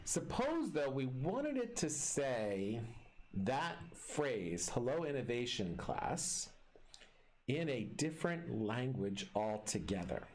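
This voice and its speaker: A man's voice: mid-range voice, sing-song, takes it slowly, darkish tone, a little hiss or hum. Guy teacher doing a screen recording for his class, talks you through each step, really bouncy up-and-down voice. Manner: friendly step-by-step explaining.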